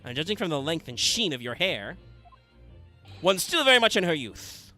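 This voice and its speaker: A man's voice: a little high, big pitch swings, normal speed, sharp tone, faint music behind, pitched above the performer's own voice. A man voicing a flamboyant, self-assured male detective, reading with theatrical declamation. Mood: grandiose.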